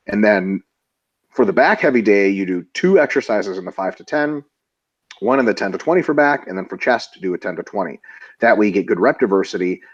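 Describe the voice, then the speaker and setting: The recording is muffled, and the man's voice is fairly low. He co-hosts a casual webinar, answering viewer questions bluntly and joking as he explains training plans step by step. He swears freely throughout.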